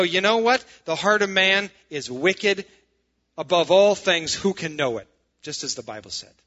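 A man's voice: sits high, sharp tone. Sarcastic man preaching a sermon, lo-fi. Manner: sarcastic, rising to emphatic asides. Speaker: pastor.

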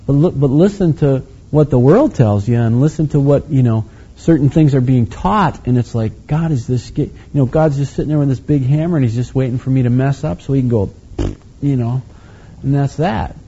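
A pastor with a mid-range, warm voice and a breathy edge preaches at a normal pace. His sermon is conversational and folksy, full of asides and restarts. The recording is lo-fi and slightly muffled.

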